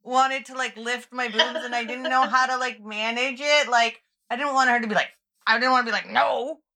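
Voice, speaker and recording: Giggly bright woman, slightly high. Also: steady tone, a little fast. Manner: giggly and playful. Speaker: podcast co-host. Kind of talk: casual chat.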